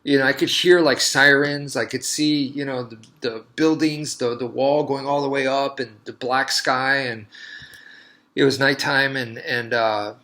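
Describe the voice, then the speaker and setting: A man's voice: medium pitch, steady tone, measured pace, sharp tone. A man, a martial artist, talking casually and telling a long story in a loose, rambling way with many restarts.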